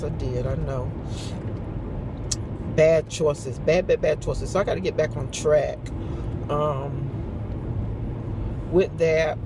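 A middle-aged woman talks to her phone in a relaxed, chatty way and laughs often as she tells stories. Her voice has a rough, gravelly edge. The steady hum of a car and the road comes through clearly behind her. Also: deep voice. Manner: chatty storytelling with frequent laughs. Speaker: vlogger. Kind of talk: casual morning chat.

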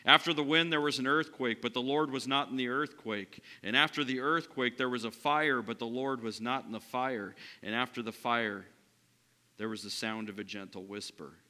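A man's voice: medium pitch, moderate pace. Preaching man in an echoing church. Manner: swings from loud preaching to hushed, soft delivery. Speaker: pastor. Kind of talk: sermon. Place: large church hall. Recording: hall reverb from a church sanctuary.

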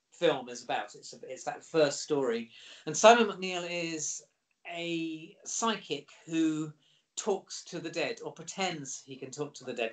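A middle-aged man, an actor guest in a casual interview, telling animated, lively anecdotes. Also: a little high.

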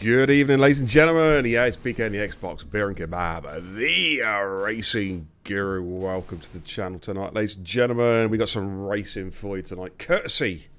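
A man hosting and calling a sim racing broadcast, excitable and quick to repeat himself when the action heats up. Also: sits low. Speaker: sim racing commentator and host. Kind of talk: live race commentary.

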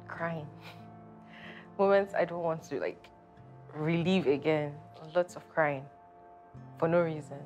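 A woman's voice: low-pitched, slow pace, pauses often, a little mellow, lo-fi sound, faint music behind. A woman reflecting plainly on a period of depression. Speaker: interviewee. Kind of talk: personal testimony.

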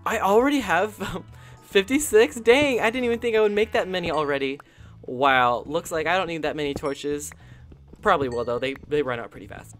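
A channel host giving casual, chatty commentary over a game, excitable and full of gasps and little coos. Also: medium pitch, normal speed, soft background music.

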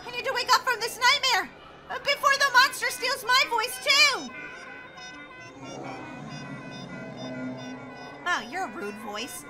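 A frightened young girl, voiced by a woman, stumbles through a nightmare with a very high, squeaky voice. She talks to herself in a frantic, stammering rush. Music plays under the roleplay game scene. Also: big pitch swings, normal speed. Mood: desperate. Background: background music.

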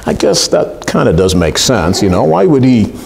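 A man's voice: mid-range voice, very animated, normal speed, creaky, a little mellow, roomy sound, slight background noise, pitched below the performer's own voice. A preacher voicing a frightened, gullible male frog, speaking in a fearful, hesitant way. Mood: persuaded.

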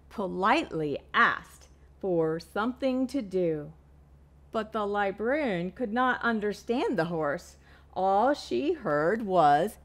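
Woman, librarian, storytime read-aloud, very lively pitch, slow, expressive. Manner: expressive, slow and deliberate, points out words to children. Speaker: children's librarian.

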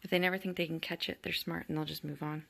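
A woman in an indoor room who plays with kittens and laughs a lot, using high sing-song baby talk that drops to soft whispers, then calmly explaining how to socialize them. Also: fast, vocal fry. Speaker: animal rescue volunteer. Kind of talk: casual narration while playing with kittens.

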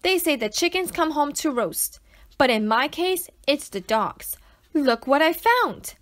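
A woman's voice: high voice, sing-song, a little slow, fairly bright tone, voice pushed up, heavily acted. A woman reading aloud while voicing a pompous, haughty male villain doctor in a storybook, a little above her plain reading voice. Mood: smug, indignant.

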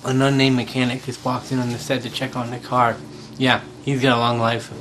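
A man's voice: medium pitch, little pitch movement, noisy background. A young man chatting with a friend at home, eager and wisecracking. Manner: eager, wisecracking, quick reactions. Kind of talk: casual chat. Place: home living room.

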